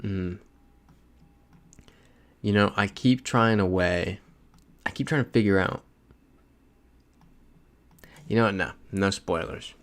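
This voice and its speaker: Low-voiced man chatting on a livestream. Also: slow, long pauses. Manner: chatty, reads chat messages aloud while playing. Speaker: livestream host. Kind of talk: casual live-stream chat.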